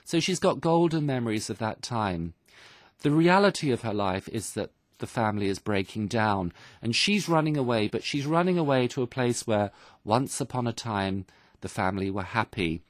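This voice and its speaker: A man's voice: medium pitch, animated, normal speed, dry recording, clean studio sound. A man presenting a radio English lesson, explaining phrases in a patient, teacherly way.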